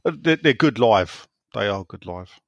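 Lively joking man hosting. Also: on the low side, moderate pace, no room sound, muffled recording. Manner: jokey, reads listener questions aloud. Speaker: podcast host. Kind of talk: casual podcast chat.

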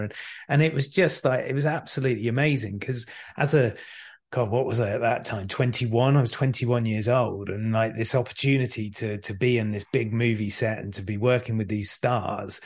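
A man's voice: mid-range voice, normal speed. A man in his thirties, a podcast guest, talking reflectively and telling anecdotes with many restarts. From England. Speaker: podcast guest, actor and director. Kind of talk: conversational storytelling.

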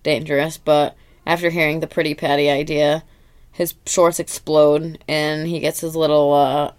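Low-voiced woman podcast co-host. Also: little pitch movement, normal speed, a little mellow, clean tone. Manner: chatty, acts out characters' lines in funny voices. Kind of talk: casual chat recapping a cartoon episode.

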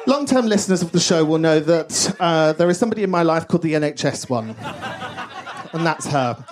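A man's voice: on the high side, lively intonation, a little fast, noisy background. A man hosting a live podcast show in front of an audience, bantering, swearing and laughing often. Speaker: podcast host.

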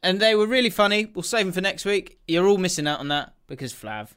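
A young man with a fairly high voice co-hosts a laid-back football podcast. He rambles and laughs a lot as he reads through the fixtures and tells stories. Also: expressive, a little fast, fairly bright tone, clean tone. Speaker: podcast co-host. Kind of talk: casual football chat.

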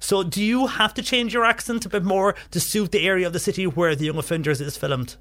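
A man's voice: high voice, fast, fairly bright tone. A man hosting a local radio interview, asking long, friendly, rambling questions. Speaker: radio presenter.

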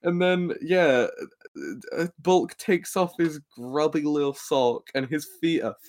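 With a slightly high, somewhat mellow voice and an unhurried pace, a young podcast co-host retells a show's scenes in casual comedic chat, laughing and swearing along the way.

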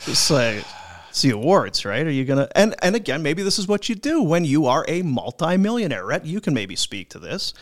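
A man's voice: a little high, big pitch swings, a little fast. A man hosting a sports podcast, telling locker-room stories in casual chat and acting out the quotes. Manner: chatty anecdotes, acts out quotes. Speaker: podcast host.

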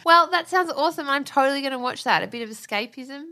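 A woman's voice: high-pitched, lively intonation, fast, bright, forceful tone. A woman co-hosting a podcast in casual chat, sarcastic and playful, often cutting in. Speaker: podcast co-host.

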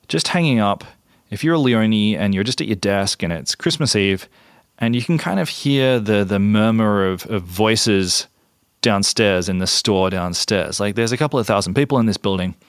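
Low-voiced Australian man, casual storyteller. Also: no room sound, studio quality. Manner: conversational with fillers and restarts. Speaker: podcast host.

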